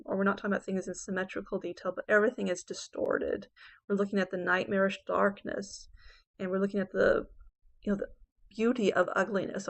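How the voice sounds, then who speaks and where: Gravelly-voiced woman giving a lecture. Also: medium pitch. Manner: conversational teaching with frequent fillers and checks; reads verse aloud with dramatic emphasis. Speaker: English professor.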